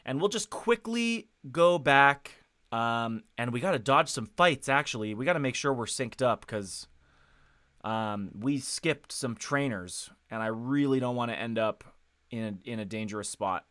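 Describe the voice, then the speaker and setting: In a clean, echo-free studio recording, a man with a mid-range, fairly bright voice streams a game via headset. His casual commentary to viewers rambles, with frequent restarts, self-corrections, and fillers.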